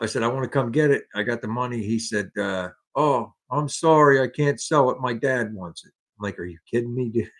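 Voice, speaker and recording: A man's voice: fairly low pitch, fairly bright tone. A man with an American accent hosting a casual live car-hobby chat, rambling and restarting his sentences. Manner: rambling, repeats words and restarts often. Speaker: podcast host.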